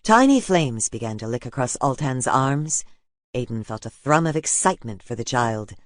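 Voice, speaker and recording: Narrate evenly, a man at mid pitch, dry booth sound, steady fantasy reading. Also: normal speed, dry recording. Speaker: audiobook narrator.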